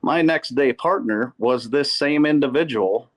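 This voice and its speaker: Man from wisconsin, podcast guest, animated storyteller, medium pitch. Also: measured pace. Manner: animated anecdote teller who acts out quotes. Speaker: podcast guest, pro angler. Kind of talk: casual storytelling.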